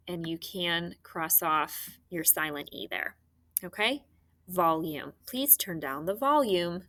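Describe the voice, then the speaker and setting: A woman teaching a phonics lesson to young children, speaking slowly and clearly and encouraging them. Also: on the low side, sharp tone. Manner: slow, clear, encouraging teacher talk with drawn-out words.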